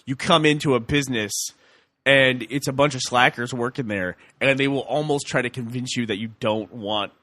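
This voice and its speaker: Bright-voiced man, laughing storyteller. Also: mid-range voice, moderate pace, dry recording, clean studio sound. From Texas. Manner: animated storyteller, laughs often. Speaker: podcast host. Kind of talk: casual chat.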